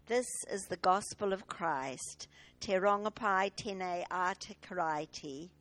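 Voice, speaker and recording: Slow, measured New woman reader. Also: lowish voice. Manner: measured, expressive reading aloud. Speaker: scripture reader. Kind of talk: liturgical Bible reading. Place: church service.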